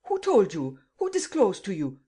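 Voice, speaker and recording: A narrator voicing a poor, excitable old German man with a German accent who stammers and splutters in bursts. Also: fairly high pitch, normal speed. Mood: alarmed. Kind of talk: audiobook character voice.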